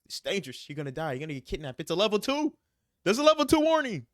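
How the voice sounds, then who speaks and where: A man putting on a high, fretful voice to play a worried middle-aged mother who nags with one warning after another. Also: sing-song, fast talker, no echo, studio quality. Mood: alarmed.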